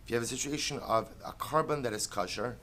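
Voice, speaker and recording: A man's voice: mid-range voice, fast, a bit bright, slight background noise. Man teaching a Talmud class. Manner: explains step by step, repeats key phrases, asks and answers his own questions; mixes in Hebrew and Aramaic terms.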